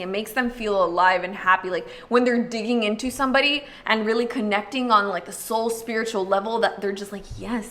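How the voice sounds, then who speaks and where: A woman hosting an astrology video, talking casually and explaining to the viewer, full of "like" and quick acted-out quotes. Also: fairly high pitch, a bit bright. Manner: chatty, uses lots of "like", acts out quick voices. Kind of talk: casual explanatory talk to camera.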